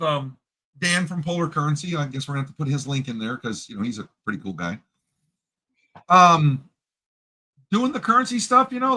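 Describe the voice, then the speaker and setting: A man co-hosting a casual chat, joking and chatty with drawn-out asides. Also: sits high, sharp tone, low-quality recording. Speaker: co-host. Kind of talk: casual chat about coin collecting.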